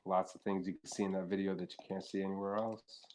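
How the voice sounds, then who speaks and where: Young male podcast guest, lowish voice, casual profane storyteller. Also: little pitch movement, fast, darkish tone. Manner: rambling, profane, heavy use of filler "like".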